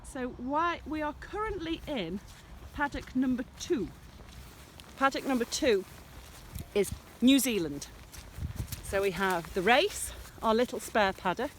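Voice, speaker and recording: In a laid-back walking vlog, a woman shows off her smallholding, wandering from topic to topic and doting on her animals as she films herself in a farm field on a handheld camera. She sounds a little high and expressive, keeps a measured pace, and there's slight background noise.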